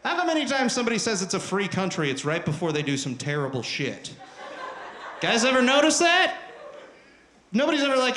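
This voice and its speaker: A young man with a high, bright voice works a club crowd with crude, self-mocking stand-up. He shouts at the audience and drops into loud jeering impressions. The live room rings around his handheld mic, with faint crowd noise behind. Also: big pitch swings, moderate pace. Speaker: stand-up comedian. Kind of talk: stand-up comedy set. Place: comedy club stage. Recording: roomy live club sound. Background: crowd laughter.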